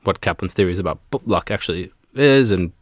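A man's voice: low voice, expressive, brisk, no echo, studio quality. A man co-hosting a podcast, telling a story in a rambling, casual way with lots of fillers. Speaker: podcast co-host.

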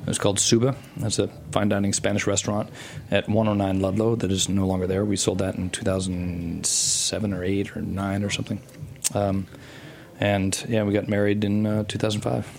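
A man's voice: lowish voice, flat delivery, fairly quick, creaky, darkish tone, a little hiss or hum. A middle-aged man telling a long story as a guest in a casual interview, rambling with many fillers and restarts.

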